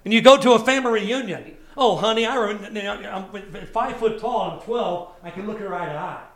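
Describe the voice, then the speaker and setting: A man preaching a sermon to a church congregation, telling personal stories with lively call-outs to the listeners. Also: high voice, fairly quick. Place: church service before a congregation.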